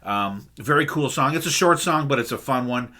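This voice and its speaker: A man talks through rock tracks in a loose, excited podcast chat. His voice is bright and forward, full of fillers, restarts and sung guitar riffs. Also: mid-range voice, moderate pace. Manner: enthusiastic, rambling, with many fillers and sung riffs. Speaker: podcast co-host. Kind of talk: casual music review chat.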